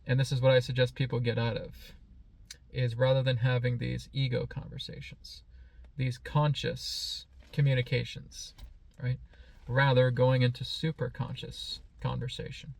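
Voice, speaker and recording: A man speaks as a spiritual teacher in a slow, calm, meditative way. His voice is gravelly and keeps an even, level pitch. He talks in a reflective, teaching manner. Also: no room sound. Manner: playfully mimics excited voices.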